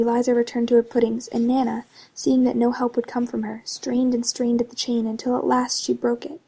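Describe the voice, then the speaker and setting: Brief: quiet woman narrator, husky and flat, reading a bedtime story. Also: on the high side. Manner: hushed, partly whispered. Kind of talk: soft-spoken storybook reading.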